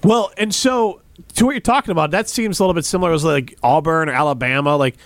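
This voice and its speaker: A man's voice: on the high side, fast talker, no room sound. A man hosting a casual sports talk show, arguing and teasing his co-hosts. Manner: argumentative, teasing. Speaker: host.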